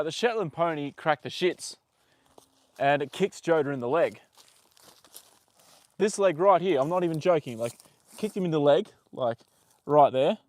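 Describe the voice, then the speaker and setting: A man's voice: fairly high pitch, no room sound. Rambling man, dry close sound. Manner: rambling, swears casually, talks to his horse between stories. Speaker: livestream host with his horse. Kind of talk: casual live chat. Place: outdoors in a paddock with a horse.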